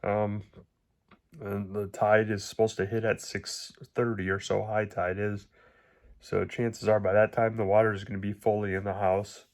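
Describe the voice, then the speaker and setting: Low, flat-voiced man, voice nearly breaking. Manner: halting, emotional, voice nearly breaking. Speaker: vlogger. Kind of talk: personal video update.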